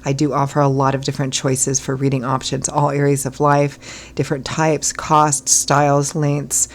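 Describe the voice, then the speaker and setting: Woman, hoarse, low voice, rambling tarot reader, clears her throat a lot. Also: monotone, moderate pace. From Ireland. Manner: chatty, rambling with frequent fillers and throat clearing. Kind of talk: casual tarot reading talk.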